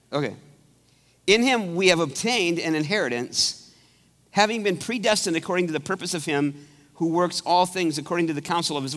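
A man's voice: a little high, fairly bright tone. A man preaching a conversational sermon as pastor, often restarting his sentences. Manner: conversational, rambling with many restarts. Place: church sanctuary. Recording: echoey church sanctuary.

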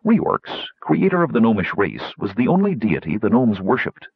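A man narrating a fantasy story in an expressive reading voice. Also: lowish voice, moderate pace, few pauses, slightly rough, no room sound. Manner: expressive, voicing many characters. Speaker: audiobook narrator. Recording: dull lo-fi audiobook recording.

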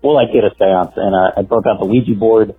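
Husky man joking on a tinny voicemail. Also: lowish voice, no echo, faint music behind. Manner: halting, filler-heavy joking. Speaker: voicemail caller.

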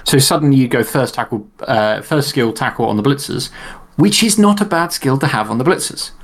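A man co-hosting a tabletop game podcast, explaining tactics in a measured, careful way. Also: medium pitch, expressive. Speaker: podcast co-host. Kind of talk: casual chat.

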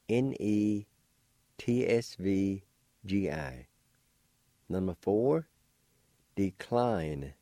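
A deep-voiced man gives a radio language lesson, sounding each syllable out with careful patience. His tone is warm and mellow, and the recording is dry and close. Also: dry recording. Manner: slow, deliberate, spells out syllables. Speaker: language teacher and radio host.

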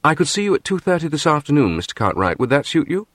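A composed English businesswoman speaks in a raised, crisp voice with clipped politeness, as a male audiobook narrator puts her on. Her English accent is precise and measured. The reading is dry and close. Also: on the high side, very animated, a bit bright, dry recording, pitched above the performer's own voice. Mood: poised.

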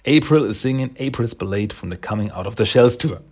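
A man casually reading through a comic and reviewing it with enthusiasm, with many pauses and fillers. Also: mid-range voice, animated, a little mellow.

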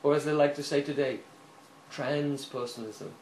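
A man preaching a story-filled sermon, animated and often checking in with his listeners, in an echoey room with faint hiss. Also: medium pitch, moderate pace. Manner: animated storyteller, frequent "hmm?" checks, chuckles.

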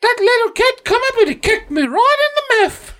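A man's voice: big pitch swings, normal speed, pushed and bright, heavily acted. A man voicing a little old British lady complaining about being mugged, in a put-on British accent. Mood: indignant. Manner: shrill, high, fussy complaining.

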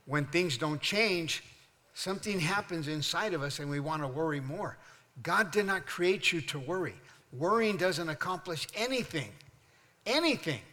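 A man's voice: a little high, normal speed. Older male pastor preaching in a hall. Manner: humorous storytelling, building to loud preaching. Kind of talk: sermon. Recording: long hall reverb.

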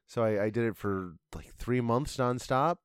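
A man's voice: mid-range voice, moderate pace, smooth, dry recording, clean studio sound. Middle-aged man telling a rambling story. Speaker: podcast co-host. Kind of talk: casual podcast chat.

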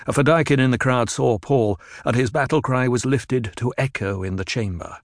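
A man narrating an audiobook in a measured, dramatic reading. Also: mid-range voice, dry recording, studio quality.

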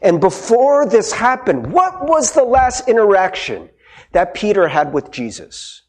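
This male pastor delivers a casual, conversational sermon in a high voice with big pitch swings, a measured pace, and a darkish tone. He ends many of his points with "right?" and acts out, in character, the quotes he retells.

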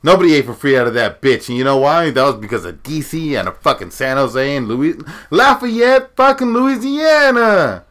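A man's voice: a little high, lively intonation, moderate pace, few pauses, fairly bright tone. A man co-hosting a podcast in casual chat, profane and trash-talking, laughing often. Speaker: podcast co-host.

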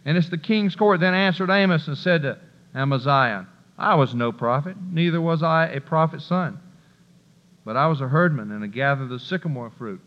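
A man's voice: mid-range voice, normal speed. Male preacher in a reverberant hall. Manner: swings between hushed asides and loud preaching bursts. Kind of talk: sermon. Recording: dull lo-fi recording with long hall reverb.

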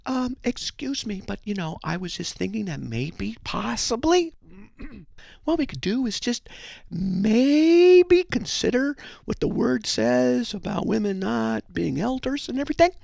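A man voicing a timid, apologetic male preacher who hesitates and is overly polite, in a soft, meek voice. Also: extremely high pitch, animated, a little slow, gravelly, no room sound, pitched above the performer's own voice, exaggerated voice.

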